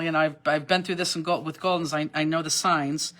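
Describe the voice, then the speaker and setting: A woman's voice: sits low, steady tone, fairly quick, a bit bright. A middle-aged woman hosting a live online craft class, rambling through a personal story between cutting instructions, with many fillers and restarts. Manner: rambling, chatty, emotional, with frequent fillers and restarts. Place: warehouse workspace.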